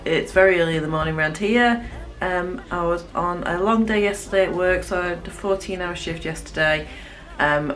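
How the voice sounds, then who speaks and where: British woman vlogger, casual home-vlog chatter to camera, faint background music. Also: mid-range voice. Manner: chatty, talking straight to viewers.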